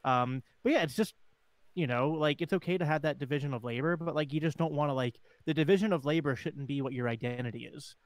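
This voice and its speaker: A man co-hosting a casual talk podcast, speaking in a relaxed, easygoing way. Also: fairly high pitch, fast talker, no echo. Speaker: podcast co-host. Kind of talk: casual chat.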